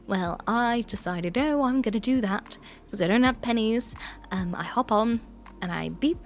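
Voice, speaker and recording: A woman's voice: on the high side, normal speed, faint music behind, close to an everyday voice. A woman playing a prim, self-important evil twin. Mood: prim, chatty. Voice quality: theatrical, old-fashioned phrasing. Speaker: streamer. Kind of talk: live stream character chat.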